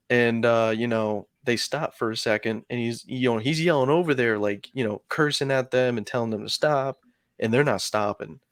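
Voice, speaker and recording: A man's voice: mid-range voice, no room sound, clean studio sound. A man co-hosting a podcast, telling a long story in casual chat with lots of fillers and some swearing. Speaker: podcast co-host.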